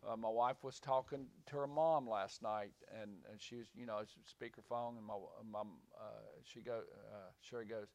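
A man's voice: medium pitch, moderate pace, few pauses. A man preaching to a small group in a room, rambling and repeating words, then rising to emphatic points. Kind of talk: small-group Bible teaching. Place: small room with a few listeners.

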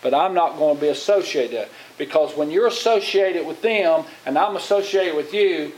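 A man's voice: on the high side, normal speed, darkish tone, rough recording. A man preaching in a church as pastor, plain-spoken and conversational, often putting questions to the congregation. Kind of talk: sermon.

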